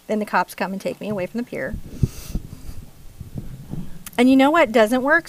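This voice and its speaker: A woman's voice: fairly high pitch, lively intonation, moderate pace, pauses often, slight background noise. A middle-aged woman teaching a live painting lesson, chatty and playful, joking and laughing between her steps. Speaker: art instructor. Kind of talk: live-streamed painting tutorial.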